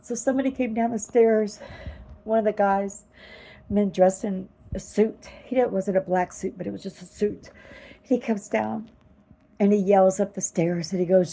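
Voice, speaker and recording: A woman earnestly retelling a vivid dream in a slow, halting way, close to tears at times. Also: medium pitch, fairly even intonation, creaky, mellow, rough recording. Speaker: vlogger telling a dream. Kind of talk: personal storytelling.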